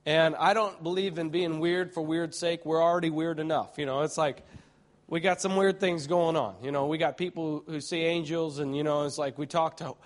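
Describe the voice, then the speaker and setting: A male preacher telling a vivid vision story in a sermon, excitable and full of restarts, swinging from hushed tones to shouts. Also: on the high side, moderate pace.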